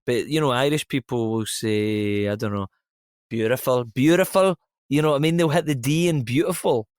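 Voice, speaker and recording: A man's voice: mid-range voice, a little fast, no room sound, studio quality. Laughing self-deprecating man. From Scotland. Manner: self-deprecating, laughs often, rambling asides. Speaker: actor guest. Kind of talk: casual interview chat.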